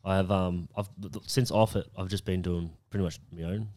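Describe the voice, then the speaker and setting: Fast-talking deep-voiced man. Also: steady tone, mellow, dry recording. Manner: laughing storyteller, swears a lot. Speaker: podcast co-host. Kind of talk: casual chat.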